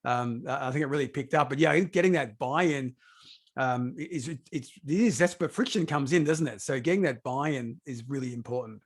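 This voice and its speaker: A man's voice: mid-range voice, fairly quick. A man hosting a podcast interview, talking in a loose, rambling way. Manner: rambling with fillers and restarts. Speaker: podcast host. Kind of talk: conversational interview.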